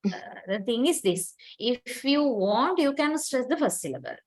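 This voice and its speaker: Patient woman lecturer, fairly high voice. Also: animated, moderate pace, a little mellow, rough recording. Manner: explains patiently, questions students, many fillers. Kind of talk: university lecture.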